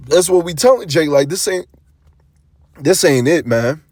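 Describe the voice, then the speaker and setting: A man's voice: a little high, moderate pace, dry recording, studio quality. A man giving a casual, slang-filled sermon, reading scripture verses aloud and riffing on them conversationally. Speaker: scripture teacher.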